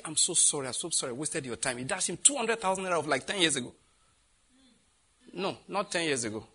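A middle-aged Nigerian pastor tells a long anecdote from the pulpit, slipping into the voices of each person and breaking into laughter. His voice sits a little high and bright, with a husky edge. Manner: animated, acts out voices in anecdotes, laughs often. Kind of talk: storytelling sermon.

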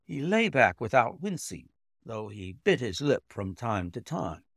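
A man reading a classic story aloud in expressive, dramatic narration. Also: medium pitch, unhurried, no room sound, clean studio sound. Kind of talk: scripted audiobook narration.

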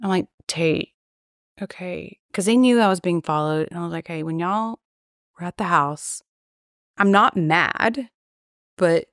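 A woman's voice: lowish voice, measured pace, long pauses, a bit bright, no echo. Woman in her thirties, podcast guest, blunt and profane storyteller, dry close sound. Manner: candid, profane, acts out quoted dialogue. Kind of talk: casual storytelling.

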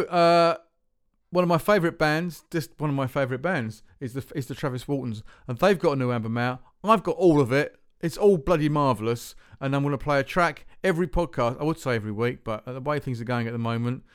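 A man's voice: medium pitch, a little fast, smooth. A man hosting a music podcast, rambling casually, often stumbling over his words and swearing offhand. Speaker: podcast host.

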